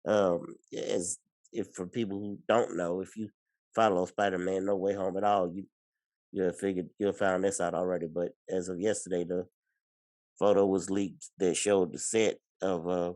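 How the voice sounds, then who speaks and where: A man co-hosting a podcast, chatting casually, excitable and rambling with many restarts. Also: deep voice, normal speed, dry recording. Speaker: podcast co-host. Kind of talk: casual chat.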